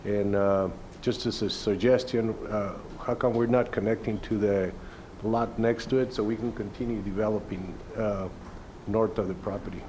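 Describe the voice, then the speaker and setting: Mellow low-voiced commissioner asking questions. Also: male voice, fairly even intonation, moderate pace, slight background noise, rough recording. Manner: hesitant, questioning. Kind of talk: public meeting questions.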